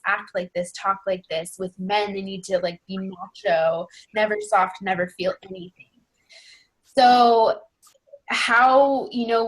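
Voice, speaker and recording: A young woman leading a team call as a fitness coach, speaking earnestly in a rambling, casual way full of fillers. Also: medium pitch. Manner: earnest, rambling, heavy on fillers like "you know" and "like".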